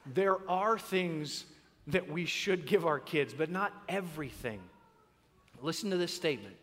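A man's voice: a little high, measured pace, in a large hall. A man preaching a sermon and telling a comic family story, acting out the voices as he goes. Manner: animated, acts out voices. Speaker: pastor.

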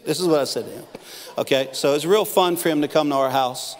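Middle-aged pastor preaching in a reverberant hall. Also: male voice, medium pitch, fast talker. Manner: storytelling with humor, acting out quotes. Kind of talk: sermon. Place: church auditorium. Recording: long reverb of a church hall.

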